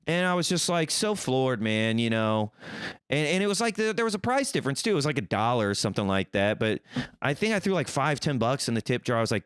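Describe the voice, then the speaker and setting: Man, podcast host, casual storytelling, resonant clear voice, dry close sound. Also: medium pitch, brisk, no room sound. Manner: animated, acts out quoted dialogue, swears freely.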